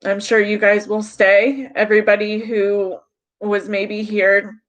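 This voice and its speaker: This woman speaks slowly and flatly in a medium-pitched voice. She's a YouTuber live on stream, emotional, congested from crying and frustrated while explaining to her chat what went on.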